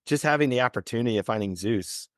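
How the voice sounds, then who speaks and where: A man co-hosts a podcast in casual chat. He talks fast and adds quick, supportive comments. His voice sits in the middle range and sounds dry and close. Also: mid-range voice, dry recording. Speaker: podcast co-host.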